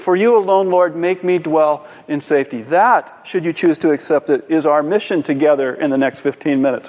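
Conversational male pastor in a reverberant hall. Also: fairly high pitch. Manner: conversational, with asides and questions to the congregation. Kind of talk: sermon. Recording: dull sound with long hall reverb.

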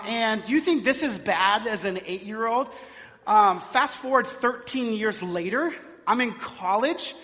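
Man preaching, high voice, chatty storytelling, long church reverb, dull lo-fi sound. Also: pushed and bright. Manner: chatty storytelling, filler-heavy. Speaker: pastor. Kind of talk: sermon. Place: church sanctuary.

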